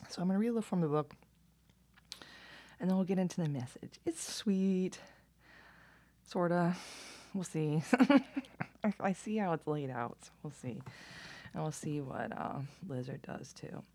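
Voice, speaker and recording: A woman giving a casual tarot reading, speaking softly and musingly, at times half-whispered. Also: deep voice, moderate pace, pauses often. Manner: soft, musing, partly whispered. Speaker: tarot reader. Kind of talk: casual card reading and reading aloud.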